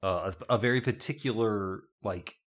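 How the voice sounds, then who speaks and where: A man's voice: on the low side, moderate pace. A man co-hosting a casual podcast, chatting in a jokey way and laughing often. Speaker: podcast co-host.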